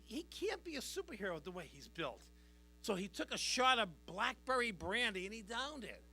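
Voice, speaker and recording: A man's voice: very high-pitched, pushed and bright. A middle-aged man doing a stand-up comedy routine on a live stage, working the crowd with a brash, punchy delivery. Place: live stage before an audience.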